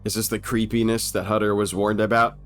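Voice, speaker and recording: A young man giving casual, excited commentary on an old film, slangy, swearing and laughing often. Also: lowish voice, fairly quick, soft background music. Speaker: movie reaction commentator.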